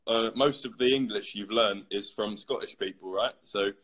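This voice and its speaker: A man's voice: fairly low pitch, moderate pace, fairly bright tone, slightly rough, poor audio. A man hosting a casual live chat over a video call, easygoing and hesitant, with many fillers. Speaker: host.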